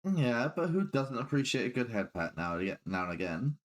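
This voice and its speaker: A man in casual tabletop role-play, playful and quick to laugh. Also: medium pitch, slight background noise. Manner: playful, laughs often, animated. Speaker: player.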